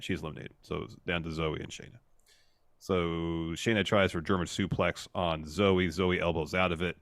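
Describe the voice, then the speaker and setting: A man with a deep, low voice recaps a wrestling match move by move in an easygoing podcast manner, filling pauses with frequent fillers. The recording is close and dry. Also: a bit bright, no room sound. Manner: walks through matches step by step, filler-heavy. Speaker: podcast co-host. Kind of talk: casual play-by-play recap.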